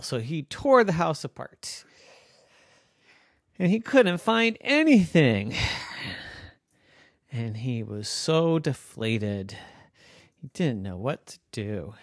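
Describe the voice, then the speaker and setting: Slow, playful bedtime storyteller man. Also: mid-range voice, no room sound, studio quality. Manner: playful, drawn-out and expressive. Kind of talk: children's bedtime story narration.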